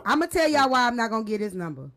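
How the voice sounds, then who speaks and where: A woman's voice: a little high, big pitch swings, racing, crowd noise. A woman hosting a casual chat, slangy and profane, laughing nervously as she talks. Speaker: podcast host.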